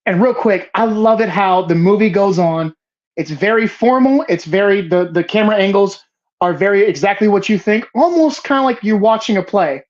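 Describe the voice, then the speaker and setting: A woman hosting a movie bracket show gushes about films in casual, passionate talk, cursing and emphatic as she rambles with restarts. Her mid-range voice is animated, at normal speed, with a darkish tone. The lo-fi recording sounds slightly dull and muffled.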